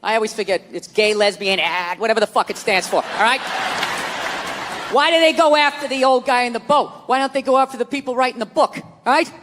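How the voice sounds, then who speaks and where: A man doing a stand-up comedy routine, ranting with lots of profanity and shouting his punchlines. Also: extremely high pitch, fairly quick. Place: comedy stage before a live audience. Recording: live club set with crowd laughter and noise.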